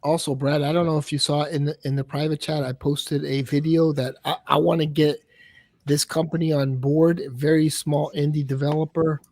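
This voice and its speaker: A man who is a guest on a casual panel chat, talking haltingly with many restarts. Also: a little high, level tone, darkish tone, dry recording.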